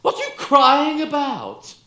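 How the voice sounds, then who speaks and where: A woman's voice: sits high, huge pitch swings, measured pace, a bit bright, reverberant, full character voice. A woman playing a jealous, snappish male poet, acting broadly on a theater stage. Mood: peevish. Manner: snappish, huffy. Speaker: stage actor. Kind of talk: amateur stage musical acting.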